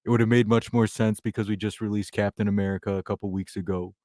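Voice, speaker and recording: A man's voice: on the low side, little pitch movement, quick pace, a little mellow, dry recording, studio quality, lightly acted. A man doing a rambling, boastful impression of a blustery politician, repeating himself.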